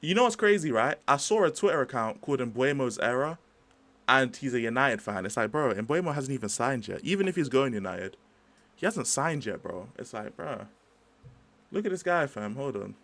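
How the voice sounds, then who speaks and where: This young livestream host delivers a casual, slangy football rant, chatty and rambling. His mid-range voice swings widely in pitch, fairly bright in tone at a moderate pace.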